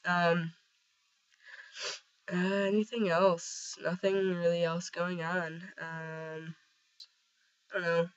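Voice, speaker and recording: A young man with a voice roughened by a cold, rambling casually with lots of fillers in a personal video diary. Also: sits high, flat delivery, takes it slowly. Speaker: vlogger. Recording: slightly dull lo-fi sound.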